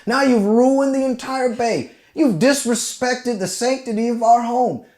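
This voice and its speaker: A man voicing a loud, mocking male army drill sergeant who taunts a recruit. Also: measured pace. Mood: scolding. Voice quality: booming and taunting.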